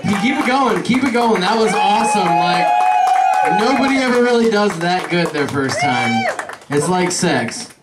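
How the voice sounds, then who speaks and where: Male emcee, high voice, excited, far mic, loud crowd and noise. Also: normal speed. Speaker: comedy night host. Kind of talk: emcee banter.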